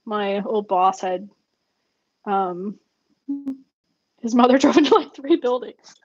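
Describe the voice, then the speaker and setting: A woman's voice: medium pitch, animated, slow pace. A woman vlogger telling rambling stories in a casual chat, laughing often between fillers. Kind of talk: casual storytelling while journaling. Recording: dull dry lo-fi recording.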